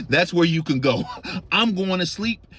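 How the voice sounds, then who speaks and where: Lively, husky-voiced young man telling a story. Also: high-pitched, takes it slowly. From Chicago. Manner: animated, profane, slangy street talk. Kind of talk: casual storytime.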